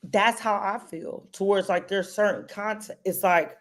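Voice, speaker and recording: A woman's voice: medium pitch, unhurried. Blunt, profane woman telling stories. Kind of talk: casual chat.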